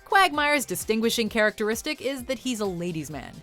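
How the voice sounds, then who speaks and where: A woman's voice: fairly high pitch, big pitch swings, brisk, a bit bright, soft background music. A woman narrating a scripted countdown video with wry, playful commentary.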